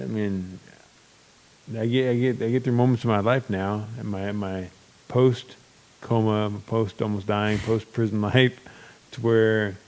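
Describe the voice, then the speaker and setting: Young male podcast host, low gravelly voice, rambling and blunt. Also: a little mellow. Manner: rambling, many restarts and fillers; blunt and open. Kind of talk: casual chat.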